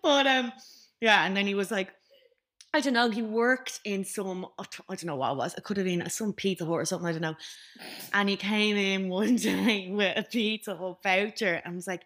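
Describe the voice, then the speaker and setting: Young woman, podcast co-host, chatty storyteller who mimics voices. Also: moderate pace. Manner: animated, acts out quoted voices with big pitch jumps. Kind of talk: casual storytelling chat.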